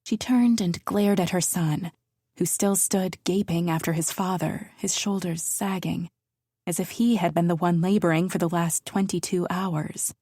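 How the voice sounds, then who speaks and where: A woman narrating a thriller audiobook in the first person, measured and intimate, sometimes dropping to a whisper. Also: lowish voice, steady tone, dark tone, slightly rough, no room sound, clean studio sound.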